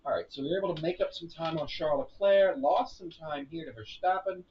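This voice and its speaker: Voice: medium pitch, brisk, few pauses, recorded from a distance, lo-fi sound, slight background noise. A game streamer chatting casually while playing, narrating each move with silly asides. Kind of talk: casual live-stream commentary on own gameplay.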